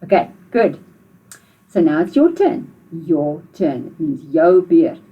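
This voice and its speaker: A woman's voice: deep voice, big pitch swings, slow, breathy edge, muffled recording. A woman with a South African accent teaching a video language lesson to children, patiently repeating phrases for learners to say back.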